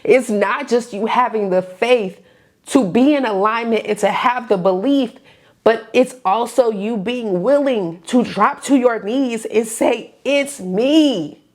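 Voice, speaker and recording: A woman's voice: a little high, measured pace, darkish tone. A woman who works as a faith-based coach, teaching a Bible study in an emotional, fervent way, repeating lines for emphasis and calling her listeners y'all. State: tearful at times.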